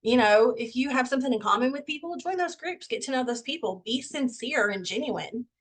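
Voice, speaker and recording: A woman's voice: fairly high pitch, lively intonation, a little fast, low-quality recording. A young woman on a video call giving a casual, folksy pep talk to her team, a bit out of breath. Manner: candid, folksy, self-deprecating. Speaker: team member sharing sales tips.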